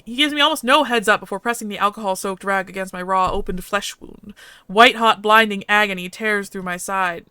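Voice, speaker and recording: A woman streamer reading a visual novel aloud with lively, expressive narration. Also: mid-range voice, a little fast, clear, resonant tone, no room sound.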